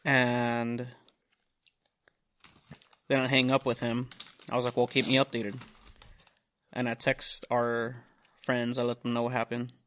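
A man's voice: medium pitch, completely flat delivery, unhurried, long pauses, a bit bright. Profane young man telling a rambling story. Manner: rambling, profane, retells dialogue in quotes. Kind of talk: casual storytelling chat. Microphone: studio mic.

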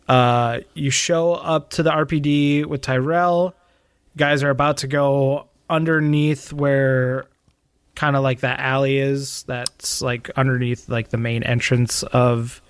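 A relaxed man talking on a podcast, easygoing and quick to agree. His voice is at an ordinary pitch and sounds dry and close to the mic. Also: clean tone, no echo. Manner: laid-back, agreeable, frequent 'yeah'. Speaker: co-host. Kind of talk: casual podcast chat.

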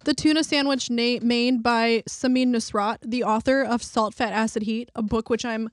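Chatty woman with a high voice. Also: fairly even intonation, moderate pace, no echo. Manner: rambling, chatty, with slang. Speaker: podcast co-host. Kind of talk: casual chat.

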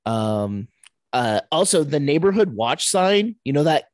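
A young man sharing awkward childhood stories in casual chat, halting and self-deprecating. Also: fairly high pitch, very animated, no room sound, studio quality.

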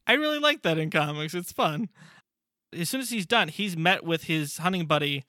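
A man's voice: a little high, no room sound, studio quality. A young man co-hosting a podcast in casual chat, animatedly retelling a comic's story and briefly acting out characters. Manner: animated, acts out characters in quick bursts. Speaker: podcast co-host.

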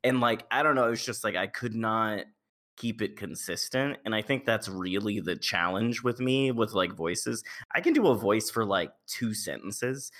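A man's voice: lowish voice, lively intonation, moderate pace, fairly bright tone. A man chatting on a podcast as a cast member, rambling and self-deprecating, swearing freely. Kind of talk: casual podcast chat.

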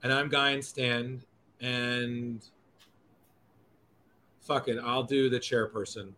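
Bright-voiced rambling male podcast host. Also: mid-range voice, flat delivery, slow, a little hiss or hum. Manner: rambling, profane, self-correcting. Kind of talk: casual podcast chat.

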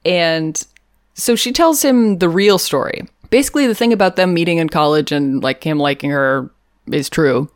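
A woman's voice: low-pitched, moderate pace, dry recording, clean studio sound. A woman co-hosting a podcast, recapping a TV episode in a chatty, jokey way with lots of fillers and laughter. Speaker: podcast co-host. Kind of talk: casual chat recapping a TV episode.

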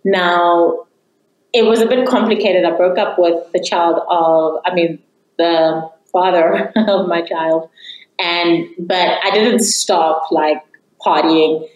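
A woman's voice: lowish voice, steady tone, slow, a little mellow, highs cut off. A young woman earnestly telling her personal faith testimony as an interview guest. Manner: earnest, reflective storytelling. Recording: echoey room.

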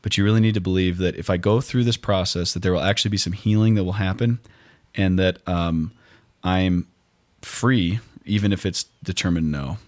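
A man co-hosting a casual conversation, explaining things in a measured way and checking that the listener follows. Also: deep voice, a little mellow, no room sound.

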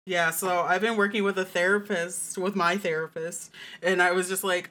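A woman with a bright, forceful voice set a little low, talking as a guest on a casual podcast. She is chatty and self-deprecating, and laughs often as she talks. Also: little pitch movement, moderate pace, hardly any pauses.

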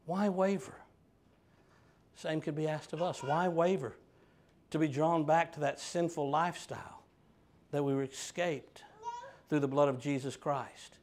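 A middle-aged man, preaching a sermon with animated swings from quiet talk to loud fervor. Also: a little high, normal speed.

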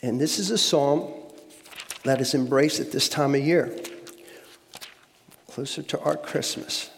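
A man's voice: mid-range voice, a little slow, creaky, slight background noise. A man giving a conversational sermon as a guest speaker, often repeating words and checking in with the audience. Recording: long hall reverb.

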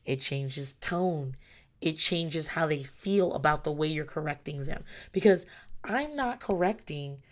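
A woman talking about parenting in a frank, animated way, swearing freely and acting out her kids' and her own voices. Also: low-pitched, unhurried. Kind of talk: casual talk to camera about parenting.

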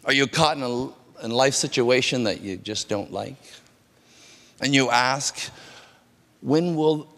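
A man's voice: mid-range voice, slow pace, long pauses, a bit bright. A man preaching a sermon as pastor, earnest and conversational, often repeating words as he goes. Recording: long reverb of a hall.

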